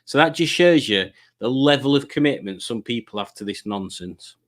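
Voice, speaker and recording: A man's voice: mid-range voice, animated, normal speed. A middle-aged man hosting a casual livestream, rambling as he reads out viewer comments. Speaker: livestream host.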